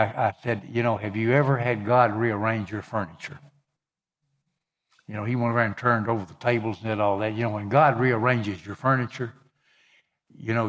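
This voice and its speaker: A man preaching a sermon, reading scripture and speaking conversationally with fillers. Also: fairly low pitch. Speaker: pastor.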